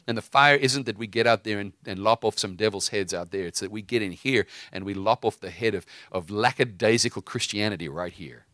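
Fiery, bright-voiced male preacher. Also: lowish voice, fairly quick, few pauses, no echo, clean studio sound. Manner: fiery, emphatic, conversational asides. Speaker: preacher and host. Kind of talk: impassioned preaching.

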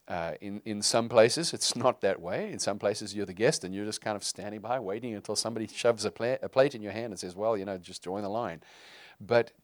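A man's voice: lowish voice, fairly quick, few pauses, no echo. A middle-aged man, a pastor, preaching a sermon in a conversational way, with fillers and restarts.

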